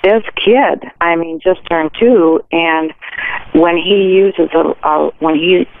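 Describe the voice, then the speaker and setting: An older woman calls in to a radio show and chattily tells a long, rambling story about her family. Her voice is on the low side and she takes her time, heard over a tinny phone line with a faint hiss.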